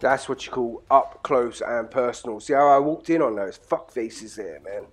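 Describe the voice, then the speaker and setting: A man giving crude, profane commentary while playing a game, full of excitable banter and sudden shouts. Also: mid-range voice, moderate pace, husky. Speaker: gaming channel host. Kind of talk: profane casual gameplay commentary.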